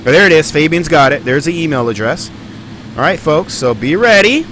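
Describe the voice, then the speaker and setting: A man's voice: fairly high pitch, expressive, fairly quick, a bit bright, a little hiss or hum. A man giving live stream commentary on a flight simulator, rambling and thinking aloud with plenty of ums and uhs.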